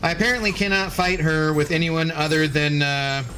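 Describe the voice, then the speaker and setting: A gaming streamer talks casually with his chat, reading their messages aloud and swearing whenever he messes up or loses. His voice is a little high, steady, bright and forceful, at a normal speed, with a slight hiss or hum in the background.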